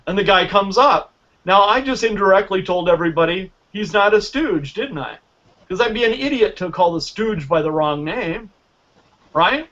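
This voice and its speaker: A man teaching magic as a guest, telling stories in a casual, animated way and acting out the dialogue. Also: sits high, moderate pace, highs cut off. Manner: animated, acts out dialogue in quotes. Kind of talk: casual storytelling lesson.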